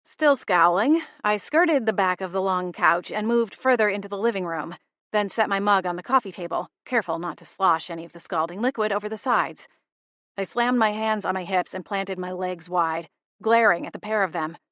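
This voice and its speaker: A woman reads a cozy mystery audiobook in first person, wry and lightly humorous. Her voice sits at a middle pitch. The studio sound is close and dry. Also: moderate pace, a bit bright, no echo. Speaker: audiobook narrator.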